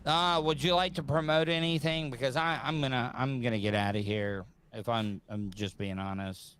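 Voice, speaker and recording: A man hosting a podcast interview, speaking in a halting, awkward way with many fillers. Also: mid-range voice, steady tone, a bit bright, a little hiss or hum. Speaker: podcast host. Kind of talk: hesitant interview talk.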